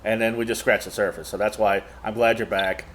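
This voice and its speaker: A man's voice: fairly low pitch, fairly even intonation, fairly quick, fairly bright tone. A man hosting an interview podcast, easygoing and rambling, with many fillers. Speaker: podcast host.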